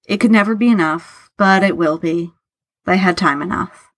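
A woman narrating fiction aloud in an unhurried, even storytelling manner. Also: on the low side.

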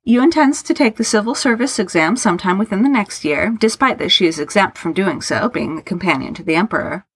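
A woman voicing a doting, gentle male dragon who frets and speaks in a formal, old-fashioned way. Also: medium pitch, lively intonation, fairly quick, few pauses, breathy edge, no room sound.

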